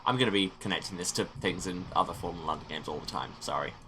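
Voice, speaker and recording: A man's voice: low-pitched, fast, noisy background. A man hosting a game playthrough, reading the story text aloud and adding wry asides. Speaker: let's play host.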